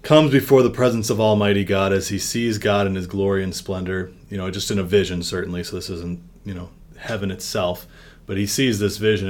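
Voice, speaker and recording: A man with a very low voice leads a church devotion. He reads the passage with lifting emphasis, then talks it through in a loose, conversational way with small fillers. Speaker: vicar leading a devotion. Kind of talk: Bible reading and devotional discussion.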